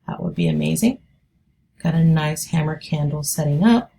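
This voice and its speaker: A woman's voice: low voice, normal speed, gravelly, mellow, slight background noise. A woman day trader giving live trading commentary, thinking aloud and hesitant as she talks.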